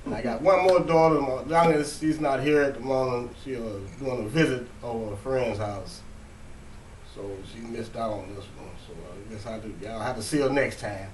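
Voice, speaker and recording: A man's voice: medium pitch, normal speed, slight background noise. A grandfather introducing his daughters and grandson, chuckling between names. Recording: echoey, from far off.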